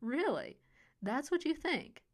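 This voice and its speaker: A woman's voice: mid-range voice, animated, moderate pace, close to an everyday voice. A woman voicing a cold, scheming male resort boss with a Californian accent, smug and detached. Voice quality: icy, detached. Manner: smug, menacing, mocking. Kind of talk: audiobook character voice.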